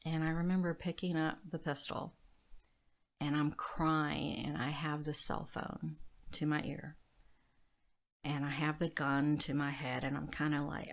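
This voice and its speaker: A middle-aged woman with a low voice and a gravelly, fry-laden texture speaks as a podcast guest. She tells her story candidly, often sinking into a soft near whisper.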